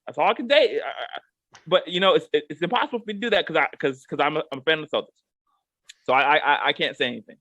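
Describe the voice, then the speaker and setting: A man's voice: fairly high pitch, fast talker, sharp tone, dry recording, highs cut off. A man co-hosting a show, delivering a heated sports rant that is emphatic and repetitive, hammering each point with "okay?". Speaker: co-host giving a rant segment.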